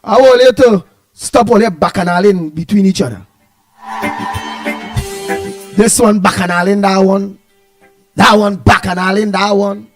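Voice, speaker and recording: A Trinidadian man co-hosting a live show, calling out greetings to viewers in an animated, half-singing way. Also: high voice, moderate pace, dry recording. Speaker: co-host. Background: music playing.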